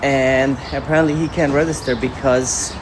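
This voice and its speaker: A man's voice: mid-range voice, steady tone, moderate pace, crowd noise, rough recording. A man telling a story in a matter-of-fact way, going through each step. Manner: matter-of-fact, recounts phone calls step by step. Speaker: storyteller in a clip. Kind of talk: casual storytelling.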